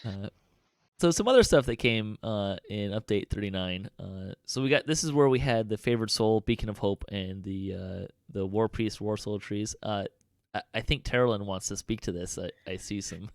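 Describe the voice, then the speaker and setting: Low-voiced man hosting a chat. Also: moderate pace, no room sound, studio quality. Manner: hesitant, many fillers and restarts. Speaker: podcast host. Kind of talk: casual roundtable chat.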